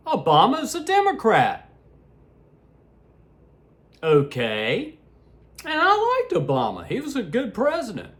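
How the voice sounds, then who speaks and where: A man giving a heated, blunt political rant for his video blog, crude and laughing at his own jabs, shouting one moment and muttering the next. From United States. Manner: heated, swinging between shouts and low asides. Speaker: political vlogger. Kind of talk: ranting opinion vlog.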